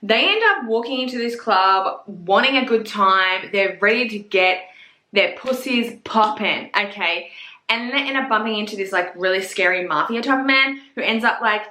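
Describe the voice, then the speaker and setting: A woman's voice: mid-range voice, lively intonation, normal speed, pushed and bright, echoey room. A woman chatting casually as a book reviewer, gushing and swearing freely. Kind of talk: casual chat.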